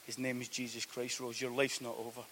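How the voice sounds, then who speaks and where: A man preaching a sermon, telling a story that swings from hushed to loud. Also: medium pitch, monotone, fairly quick, slight background noise. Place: church hall.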